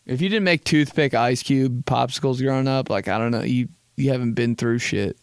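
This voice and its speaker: A man's voice: mid-range voice, normal speed, smooth, no echo. A young man hosting a podcast, telling rambling, profane comedic stories and slipping into put-on voices. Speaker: podcast host.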